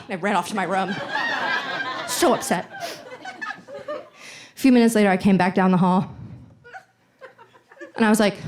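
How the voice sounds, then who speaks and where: A woman's voice: mid-range voice, fairly quick, pauses often. A young adult woman performing stand-up comedy on a theater stage, telling a story and acting out the dialogue. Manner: animated, acts out dialogue in voices.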